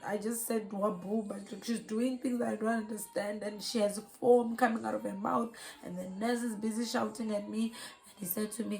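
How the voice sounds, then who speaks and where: South african mum talking through what happened, emotional, lots of ums, bit of vocal fry. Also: female voice, mid-range voice, darkish tone, poor audio. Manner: earnest, emotional retelling with many fillers. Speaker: mother sharing her story. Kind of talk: personal testimony vlog.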